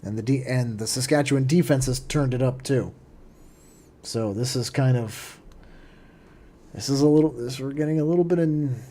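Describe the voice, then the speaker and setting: A man hosting a live watchalong stream, giving casual play-by-play commentary as an excitable fan who swings between quiet muttering and loud cheering. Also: medium pitch, normal speed, long pauses. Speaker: livestream watchalong host.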